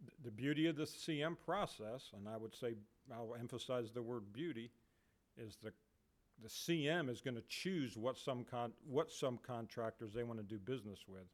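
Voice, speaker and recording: A man's voice: medium pitch, normal speed. A man testifying as a state official at a committee hearing, explaining procedures plainly with frequent fillers.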